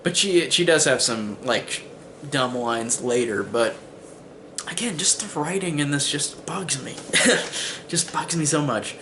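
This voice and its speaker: A man's voice: a little high, lively intonation, unhurried, noisy background. A man casually reviewing a movie on his channel, rambling with lots of "like" and "um", and swearing when he gets exasperated. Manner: rambling, heavy use of "like" and "um". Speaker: film reviewer.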